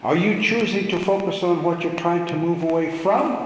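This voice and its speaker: A man's voice: sits high, moderate pace. A man from Alaska giving a reflective storytelling talk to a gathering, with playful asides. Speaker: speaker at a gathering. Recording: echoey hall, long reverb, faint hum.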